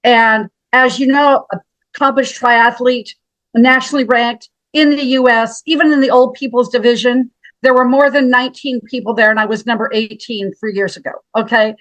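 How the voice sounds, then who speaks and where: A woman's voice: on the high side, fairly even intonation, normal speed, fairly bright tone, no echo, poor audio. A woman in her seventies from Montana, a health practitioner telling her story as an interview guest, dramatic and emphatic, often calling the host by name. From Montana, USA.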